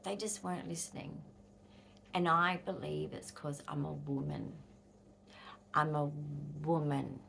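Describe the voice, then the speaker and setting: A woman's voice: low voice, steady tone, measured pace, creaky, long pauses, a bit bright, slight background noise. An Australian woman in her fifties, talking bluntly and angrily to camera in a casual vlog, swearing freely. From Western Australia. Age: 50s. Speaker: vlogger.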